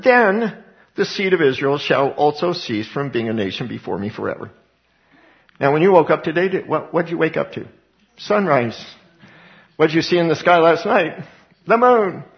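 Conversational male preacher, lo-fi sound. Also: fairly high pitch. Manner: conversational preaching, reads scripture aloud, acts out dialogues. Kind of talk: sermon. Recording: dull lo-fi sound.

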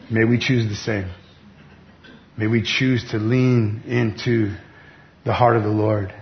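A middle-aged man preaching a sermon as pastor, talking conversationally with bursts of excited emphasis. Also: on the low side. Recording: dull lo-fi sound with faint background noise.

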